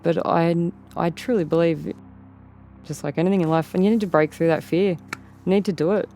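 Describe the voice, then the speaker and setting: An interview guest speaks with an Australian accent in a low, dark-toned voice, her intonation fairly even and her speed normal. She tells her story in a rambling way, repeating and rephrasing often, while faint music sits behind her.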